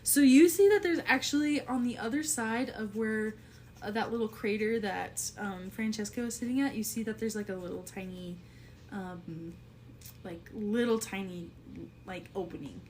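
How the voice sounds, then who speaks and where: A woman's voice: mid-range voice, normal speed, darkish tone, a little hiss or hum. A woman narrating a tabletop game as game master, giggly and full of fillers.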